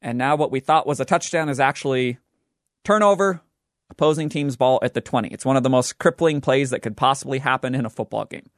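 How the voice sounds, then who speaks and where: A young man hosting a sports betting show, talking in an animated, joking and emphatic way. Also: mid-range voice, fairly quick, no room sound, studio quality. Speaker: sports podcast host. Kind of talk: scripted sports commentary.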